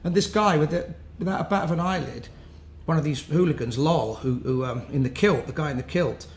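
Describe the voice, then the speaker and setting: A man in his fifties tells cheeky anecdotes in a rambling way, laughing often and restarting his sentences. His voice sits a touch higher than most men's. The room gives it a roomy echo, with a faint hiss behind it. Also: fairly quick. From London. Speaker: musician, interview guest. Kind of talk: casual anecdotal storytelling. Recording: roomy with faint background noise.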